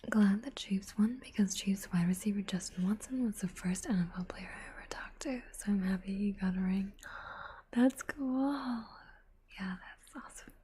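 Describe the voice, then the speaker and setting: A woman ASMR streamer in whispered role-play, chatting softly with her viewers and giggling now and then. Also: medium pitch, normal speed, a little hiss or hum.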